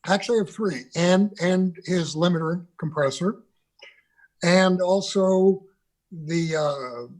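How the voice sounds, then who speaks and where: A man's voice: sits high, slow pace, a little mellow. An older man, a guest on a video call interview, reminiscing about recording sessions with loose restarts. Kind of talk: conversational interview.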